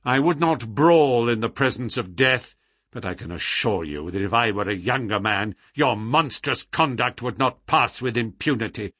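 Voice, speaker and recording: A man's voice: medium pitch, normal speed, a bit bright, husky, dry recording, studio quality. A man voicing a stern elderly doctor who speaks with cold, indignant reproach. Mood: stern indignation.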